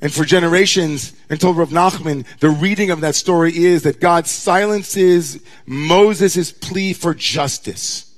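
A middle-aged rabbi, speaking in a slightly high voice, gives a dramatic sermon. He swings between hushed, drawn-out near-whispers and impassioned declamation.

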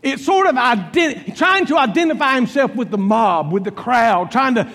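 A man preaching a sermon, telling a Bible story dramatically and acting out its dialogue with swings between loud and soft. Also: very high voice, expressive, moderate pace, long reverb tail. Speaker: pastor.

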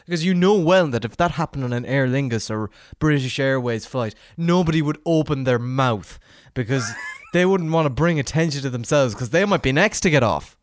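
Ranting man, lively swoops. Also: mid-range voice, moderate pace, slight background noise. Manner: ranting and profane. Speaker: podcast host. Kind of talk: casual chat.

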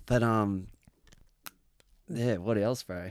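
A man's voice: lowish voice, takes it slowly, clean tone, dry recording, clean studio sound. A young Australian man, a podcast co-host, telling a rambling story in casual chat, swearing and laughing often.

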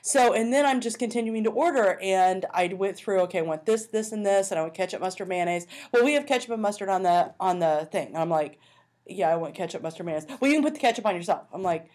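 A woman's voice: medium pitch, expressive, fast talker, a little mellow. A woman on a podcast telling a personal story in casual chat, acting out both sides of the conversation.

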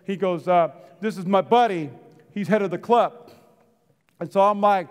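A man pastor preaching a sermon, swinging from shouts to soft near-whispered lines and calling out to the congregation. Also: high-pitched, brisk, in a large hall. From United States. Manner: calls out to the congregation. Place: church hall.

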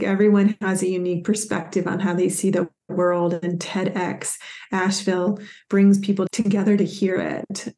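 A woman with a mellow, fairly low voice speaks as an interview guest. She tells her stories earnestly and with enthusiasm, in a flat, even tone. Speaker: guest, executive coach.

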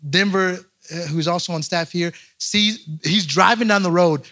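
A young man, a pastor, preaching a lively storytelling sermon straight to his congregation. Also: high voice, moderate pace. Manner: animated, speaks straight to the congregation.

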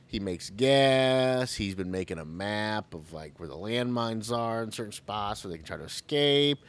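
A man's voice: on the low side, normal speed, smooth. A man co-hosting a podcast, chatting casually about a movie, joking and acting out quotes in raised voices. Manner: animated, jokey, acts out quotes in raised voices. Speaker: podcast co-host.

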